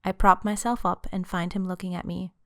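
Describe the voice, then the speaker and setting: A woman's voice: lowish voice, level tone, brisk, dry recording, studio quality. A woman narrating her own book in the first person, in an intimate storytelling manner. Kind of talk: audiobook narration.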